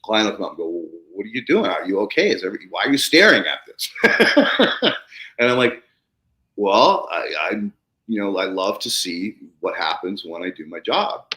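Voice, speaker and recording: A low-voiced man hosts a casual podcast chat, spinning stories with big, lively swings in his delivery. He swears offhandedly and acts out surprise with a jump in his voice. The sound is roomy and echoey. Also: moderate pace. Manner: animated, swings sharply higher when acting out excitement, swears casually. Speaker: podcast host. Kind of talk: casual storytelling conversation. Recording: roomy echo.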